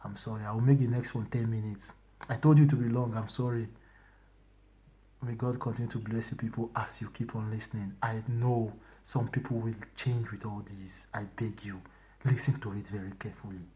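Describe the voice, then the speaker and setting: A man giving an emotional personal testimony, moving between loud emphasis and hushed whispers and repeating his phrases. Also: on the low side, steady tone, moderate pace. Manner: repetitive, restarting phrases. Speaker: church brother giving testimony.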